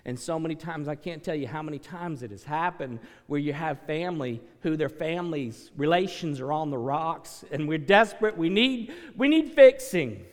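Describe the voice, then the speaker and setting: A male pastor preaching a sermon, swinging between hushed pleading and loud, urgent appeals, clearing his throat now and then. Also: fairly high pitch, moderate pace, few pauses. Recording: long hall reverb.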